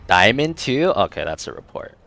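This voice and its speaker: A man's voice: lowish voice, big pitch swings, moderate pace, creaky, a bit bright. A man streaming a game live, talking through his play and ranting in exasperation about his teammates. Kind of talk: live gameplay commentary.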